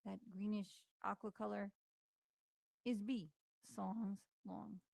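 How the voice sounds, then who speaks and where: A woman's voice: mid-range voice, little pitch movement, slow pace, creaky, a little mellow, dry recording. A tired woman teacher giving a casual recorded lesson, talking informally with lots of fillers. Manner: chatty, informal, many fillers.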